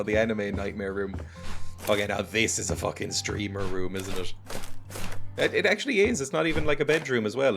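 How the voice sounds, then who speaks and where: A man's voice: on the low side, fairly bright tone. A man giving casual, sarcastic, rambling commentary while playing a game, laughing often. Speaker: gaming YouTuber. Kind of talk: casual let's-play commentary.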